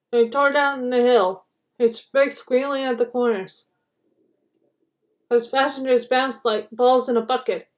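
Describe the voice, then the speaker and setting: A woman reading a children's storybook aloud in a fairly high voice. Her narration is animated and dramatic, carrying the story along between the characters' lines. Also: a little slow. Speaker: storybook reader.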